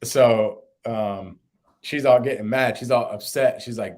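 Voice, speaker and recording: Animated young man telling a story. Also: a little slow. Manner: animated, acts out quotes in a higher voice. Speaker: podcast co-host. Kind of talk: casual storytelling chat.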